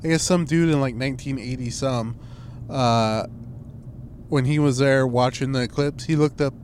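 A young man chats casually with a co-host. He tells stories with animated swings, swearing freely and acting out what people said in a louder voice. His pitch sits in the middle range. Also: moderate pace, a little hiss or hum. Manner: animated storyteller, swears, acts out quotes loudly. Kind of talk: casual chat.

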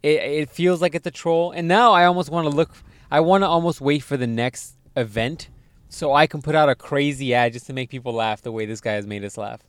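A man's voice: a little high, a little fast, clean tone, no room sound. A young man in casual chat, easygoing, laughing along and chiming in with questions.

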